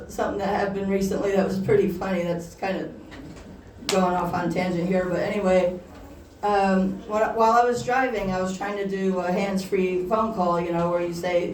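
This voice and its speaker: A young woman performs a stand-up set in a small shop, her delivery halting and punctuated by giggles. She sounds far from the mic in a roomy space. A faint hum runs underneath. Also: fairly low pitch, a little mellow. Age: young adult. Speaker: stand-up comedian. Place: small shop hosting a comedy night. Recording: roomy, distant mic with faint background noise.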